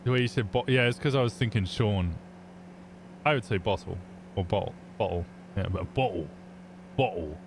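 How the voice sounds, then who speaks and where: A man's voice: fairly low pitch, a little fast, a little hiss or hum. A young British man streaming a roleplay game, chatting casually and explaining at length, swearing freely.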